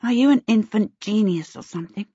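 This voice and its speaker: Brief: woman doing a brisk, urgent teen girl for a storybook, raised higher and louder, lo-fi sound. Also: breathy edge, no room sound, natural voice. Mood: anxious, snappish. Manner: urgent and sharp. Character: brisk, impatient teenage girl. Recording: dull lo-fi audiobook recording.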